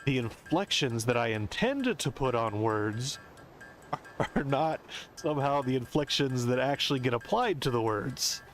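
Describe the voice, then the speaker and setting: A man's voice: mid-range voice, lively intonation, a little slow, faint music behind. An American man streaming a game, rambling and musing as he explains things at length. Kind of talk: casual rambling commentary.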